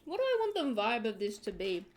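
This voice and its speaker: A woman's voice: on the high side, wildly swooping pitch, a little fast. A young woman from Australia with an Australian accent, chatting casually and rambling as she streams herself drawing and answers chat. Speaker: livestreamer.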